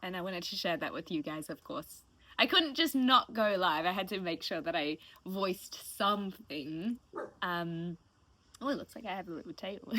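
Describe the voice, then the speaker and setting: Woman in her late twenties, streamer, heartfelt casual chat, rambling, mid-pitched. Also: a bit bright. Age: late 20s. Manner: emotional, rambling, thankful. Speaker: live streamer.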